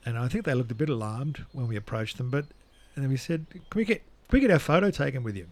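A man's voice: medium pitch, expressive, quick pace, no room sound. A man hosting a casual radio chat, playful and jokey, with bursts of mock outrage. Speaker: radio host.

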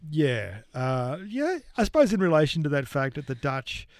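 A man's voice: fairly high pitch, very animated, moderate pace, no room sound, studio quality. A man, co-hosting a podcast in a rambling, self-deprecating casual chat. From Australia. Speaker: podcast co-host.

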